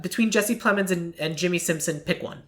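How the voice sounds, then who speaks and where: A podcast host in casual chat, talking loosely with lots of "like" and quick acted-out quotes. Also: mid-range voice. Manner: chatty, fills speech with "like", acts out quick quotes.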